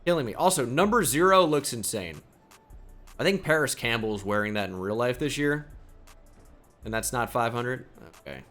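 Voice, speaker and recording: A man calls his own football video game session in a casual, chatty commentary. His voice has a bright, forward edge, and he flips between loud cheers and quiet mutters. Faint game music plays underneath. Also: medium pitch, expressive, normal speed. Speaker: gaming YouTuber.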